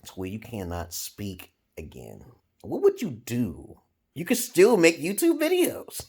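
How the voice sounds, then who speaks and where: A man from Brooklyn delivering a comedic rambling monologue, profane and giggly, jumping into loud high squeals. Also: wildly swooping pitch, normal speed. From Brooklyn, New York, USA. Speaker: vlogger.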